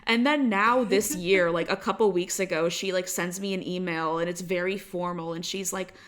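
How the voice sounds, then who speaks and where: A young woman co-hosts a podcast in loose, casual chat. She tells stories, and her sentences are packed with "like." Her voice sits a little on the low side. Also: steady tone, moderate pace. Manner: chatty storytelling, heavy on "like" fillers. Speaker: podcast co-host.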